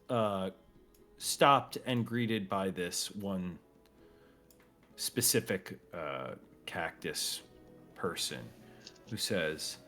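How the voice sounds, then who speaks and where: A man's voice: lowish voice, a bit bright. Laid-back man narrating as game master. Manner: rambling, lots of fillers, laid-back.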